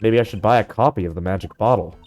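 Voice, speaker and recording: A man's voice: lowish voice, fast talker, a little mellow, dry recording, soft background music, close to an everyday voice. A man voicing a wry, easily exasperated young lawyer in a game fan dub, talking in a dry, sarcastic way.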